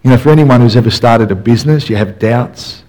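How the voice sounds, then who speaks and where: A man's voice: medium pitch, brisk, a little mellow, rough recording. A man preaching a sermon in a casual, joking storyteller's way, full of "you know" asides. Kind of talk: conversational sermon.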